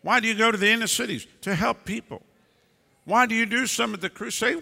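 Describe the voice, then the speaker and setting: This male pastor's voice sits high and sharp, with vocal fry, and he talks fairly fast. Preaching in a large church, he is blunt and emphatic, breaking into scolding bursts, with long hall reverb on the recording.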